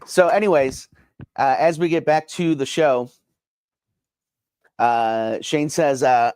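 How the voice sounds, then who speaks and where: A slow, medium-pitched, slightly mellow, clean voice belongs to a middle-aged podcast host talking sports alone. He rambles through viewer comments with plenty of fillers and repetition, and the studio sound is clean with no echo.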